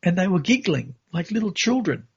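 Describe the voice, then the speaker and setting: Very husky man, slow gentle storyteller. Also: high-pitched, big pitch swings, dull audio. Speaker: spiritual guest. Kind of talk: storytelling interview talk.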